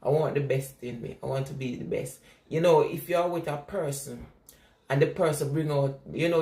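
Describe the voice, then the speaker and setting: A middle-aged woman with a Jamaican patois accent, chatting casually with live viewers and laughing often. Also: deep voice. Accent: Jamaican patois mix. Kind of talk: casual live-stream chat. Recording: echoey, distant mic with loud background noise.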